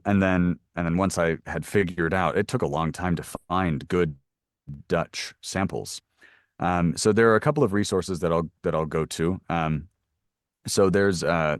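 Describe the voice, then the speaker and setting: A man with a very low voice talks through his narration work in an unhurried, explanatory way, pausing often with fillers. The sound is dry and close, with no room around it. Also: dry recording. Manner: thoughtful, explains at length with many fillers. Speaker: audiobook narrator. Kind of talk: conversational interview answers.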